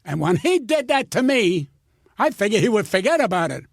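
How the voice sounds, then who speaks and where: Older male comic, blunt and profane storyteller, high animated voice, dry close sound. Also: normal speed, creaky, dry recording. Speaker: guest comedian. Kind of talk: storytelling interview.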